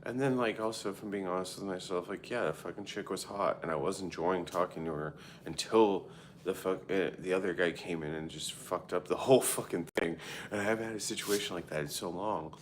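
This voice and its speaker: A man's voice: deep voice, brisk, slight background noise. A man in his thirties chatting candidly on a livestream, cursing freely, rambling with lots of "like" and answering viewers as he goes. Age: 30s. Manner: frequent filler "like" and self-interrupting. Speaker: live streamer. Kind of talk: casual chat answering viewers.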